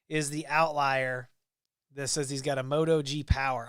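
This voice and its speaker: Man, livestream host, casual joking chat, reads comments, smooth clear voice, dry close sound. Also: fairly high pitch, fairly even intonation, normal speed, a bit bright, dry recording.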